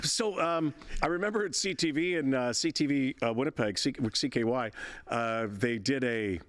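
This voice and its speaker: A man's voice: mid-range voice, normal speed, a bit bright, no room sound. A man in his sixties, a veteran broadcaster and interview guest, telling stories in a chatty, rambling way with frequent laughs and restarts. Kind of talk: casual interview storytelling.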